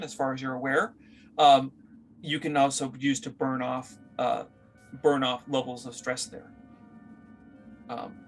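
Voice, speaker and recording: A man's voice: fairly high pitch, fairly bright tone. A man narrating as game master for a tabletop game, rambling with many fillers as he searches for words.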